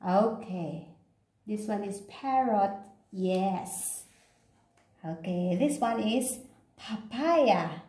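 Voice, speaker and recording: Slow, patient woman teaching phonics. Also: mid-range voice, expressive, dark tone, distant mic. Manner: slow, drawn-out, repeating words for children to echo. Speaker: kindergarten teacher. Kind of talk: online phonics lesson for young children. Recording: echoey room, voice from off-mic, faint hiss.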